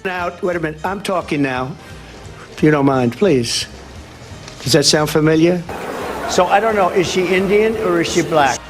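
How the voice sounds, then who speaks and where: A man's voice: fairly high pitch, normal speed, long pauses, over music. An older man giving a rally speech, mocking and repetitive, with heavy emphasis. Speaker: political speaker at rallies.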